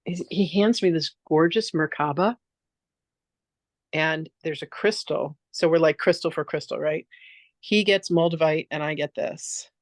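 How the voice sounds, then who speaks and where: A woman's voice: low voice, a little slow, no room sound. A woman teaching a spiritual masterclass, telling stories casually and frankly and acting out the voices she quotes. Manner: lively, casual storytelling that acts out quoted voices; frank, with the odd swear word. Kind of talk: storytelling masterclass talk.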